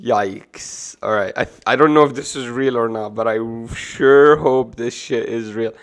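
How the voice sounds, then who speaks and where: A man streaming a casual video reaction, excitable and profane, talking to his chat. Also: medium pitch, a little slow. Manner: excitable, profane, laughs hard.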